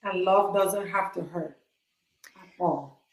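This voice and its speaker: A woman's voice: on the low side, slow pace. A woman interview host who asks supportive questions and echoes the guest's words back.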